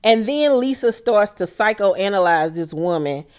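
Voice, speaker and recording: A woman's voice: medium pitch, animated, a little slow, a little mellow, smooth. A woman doing a casual, profane reality TV recap, blunt and sassy, who laughs and mimics the cast.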